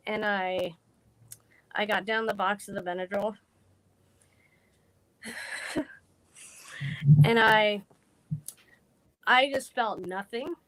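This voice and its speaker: Woman podcast guest, earnest halting storyteller, middle pitch. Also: a bit bright, rough recording. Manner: halting, earnest, restarts often. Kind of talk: personal storytelling.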